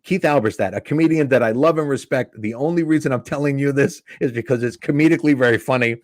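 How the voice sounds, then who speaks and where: A comedian, telling a long anecdote in a podcast chat and acting out the people in it. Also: male voice, medium pitch, fast talker, no room sound, clean studio sound. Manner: animated anecdote teller, acts out quotes. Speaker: comedian guest. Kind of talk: podcast storytelling.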